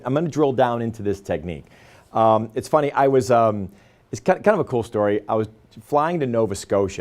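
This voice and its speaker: A man talking to camera as a sales trainer, telling stories and acting out quoted lines in casual speech. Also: medium pitch. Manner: fast, animated storytelling with quoted dialogue.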